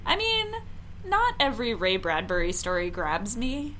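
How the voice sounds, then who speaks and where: A woman co-hosting a podcast, chatting casually with teasing, quick reactions. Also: mid-range voice, wildly swooping pitch, a bit bright, a little hiss or hum. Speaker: podcast co-host. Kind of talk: casual chat.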